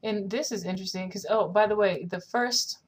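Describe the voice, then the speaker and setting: A woman's voice: mid-range voice, a little fast. A young woman teaching a singing lesson, explaining technique and singing short lines to demonstrate. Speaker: vocal coach.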